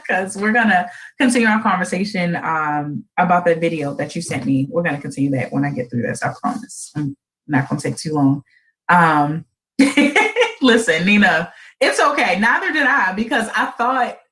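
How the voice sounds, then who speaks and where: Animated woman host telling a story. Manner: animated, laughs often, jumps into high excited voices when quoting. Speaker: radio show host. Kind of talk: casual storytelling chat.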